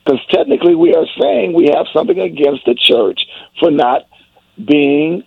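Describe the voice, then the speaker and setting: An older male radio host leans into advice with an emphatic, preachy delivery. His voice is a touch high, with a gravelly, husky edge. The sound is dry and narrow, like a phone line. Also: animated, normal speed, dry recording. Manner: emphatic, preachy, wide swings in pitch. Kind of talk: call-in radio talk.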